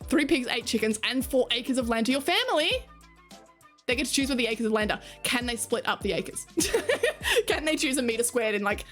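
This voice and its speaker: A woman's voice: a little high, sing-song, moderate pace, a bit bright, soft background music. A woman streaming, chatting with her viewers in a casual way, laughing often and swearing casually. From Australia. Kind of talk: casual chat reading stream chat.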